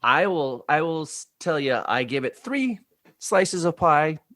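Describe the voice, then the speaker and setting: Animated co-host, teasing, expressive pitch, dry sound. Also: measured pace, no echo. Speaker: podcast co-host. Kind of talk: casual chat.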